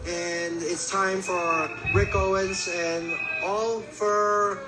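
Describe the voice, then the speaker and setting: A man's voice: sits high, flat delivery, very slow, loud music behind the voice, rough recording. A man speaking as a protester, giving a firm statement to camera outside a store.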